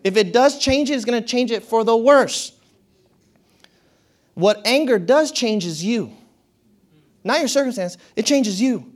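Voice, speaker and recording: A man speaking to an audience in a motivational talk. He is conversational and laughs often, dropping to low murmurs and then rising to excited peaks.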